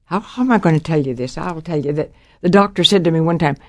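A woman's voice: deep voice, quick pace, a little mellow, dry recording. An older woman giving a Christian testimony about her life, telling it dramatically and acting out the voices of the people in her story.

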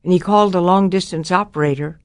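A woman's voice: fairly low pitch, fast, no echo, studio quality. Older lady giving her testimony, storyteller style, acts out all the voices. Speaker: speaker giving a Christian testimony.

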